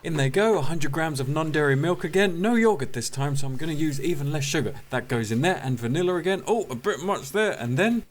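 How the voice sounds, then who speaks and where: A chatty, jokey man talks through a cooking demo in a slightly high, self-mocking voice. His manner is breezy and playful, and a faint hiss sits under the recording. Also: expressive, a little fast, few pauses. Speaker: cooking video host. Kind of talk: comic cooking tutorial.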